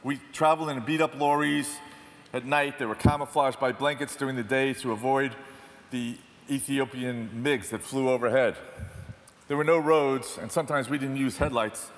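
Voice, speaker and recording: A man speaking on stage as a photojournalist, telling war stories in an animated, self-deprecating way. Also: medium pitch, moderate pace. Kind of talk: storytelling talk on stage. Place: large theatre hall. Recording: distant reverberant hall, faint noise.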